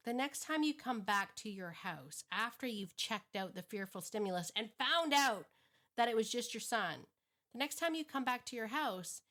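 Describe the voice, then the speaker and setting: A woman dog trainer talking through a lesson in a casual, animated way, laughing often and restarting her sentences. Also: a little high. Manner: animated, acts out inner thoughts, laughs often; frequent restarts and repeated words. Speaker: dog trainer, show host. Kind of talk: casual teaching monologue.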